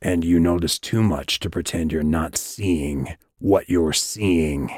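A male audiobook reader voicing a gruff, cryptic hooded stranger with a sandblasted, gravelly voice and a dry, growling delivery. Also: deep voice, slow, darkish tone, no room sound, heavily acted. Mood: intense.

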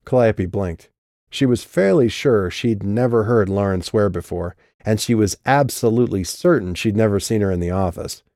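Low male audiobook reader, mellow, dry close mic, measured delivery. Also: no room sound. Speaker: audiobook narrator. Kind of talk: scripted narration.

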